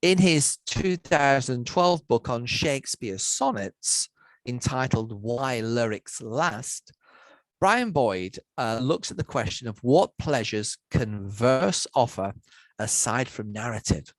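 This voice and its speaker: A man giving an academic lecture to university students online, measured and methodical, setting out word lists one item at a time. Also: mid-range voice, lively intonation, dry recording, low-quality recording.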